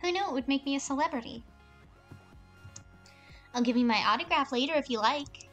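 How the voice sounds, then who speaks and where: A woman's voice: sits high, brisk, a bit bright, faint music behind, voice pushed up. A woman voicing a smug, playful young woman who turns into a cat and is an internet celebrity, speaking in a teasing, showy way. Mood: boastful.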